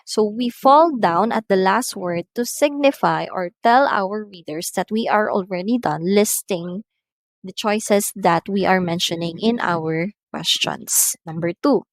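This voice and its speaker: A woman English teacher explains intonation at an unhurried pace, pausing between phrases. Her voice sits at a middle pitch and is recorded dry and close. She exaggerates the rises and falls when she reads her example sentences. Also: no room sound. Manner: measured, explanatory, exaggerates rising and falling tones in examples. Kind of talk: slow scripted lesson reading examples.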